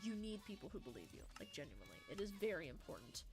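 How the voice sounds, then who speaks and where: A woman's voice: mid-range voice, sing-song, fast, soft background music. A young woman of about eighteen streaming a game, rambling in casual chat, swearing freely and answering her chat. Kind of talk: casual livestream chat while gaming.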